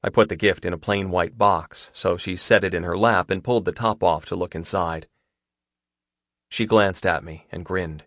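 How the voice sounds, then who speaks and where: Male audiobook narrator, deep voice, dry studio sound, intimate and steady. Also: normal speed, no echo. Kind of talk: first-person romance narration.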